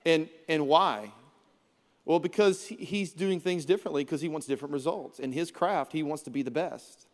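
Male pastor, joking sermon delivery, slightly high voice, long church reverb. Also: moderate pace. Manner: humorous, conversational preaching with self-deprecating asides.

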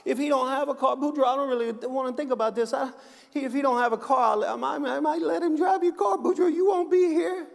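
A man's voice: extremely high pitch, steady tone, fast talker, gravelly, voice pushed up. A man voicing a reluctant wife in a joke, hesitant and trailing off, in a hall with long reverb. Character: evasive wife, reluctant to answer.

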